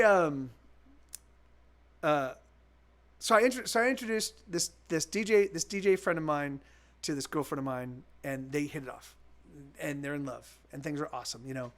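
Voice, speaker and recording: This forties-aged musician talks to his stream audience at a normal speed, his voice on the high side with a fairly bright tone. His casual chatter wanders, full of restarts and repeats, and he curses without holding back.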